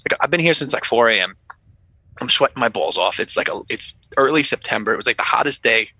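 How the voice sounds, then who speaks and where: A young adult man, a former police officer, telling stories as a podcast guest in a lively, profane way, acting out quotes in a raised voice. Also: medium pitch, fast, slightly rough, dry recording. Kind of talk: animated storytelling.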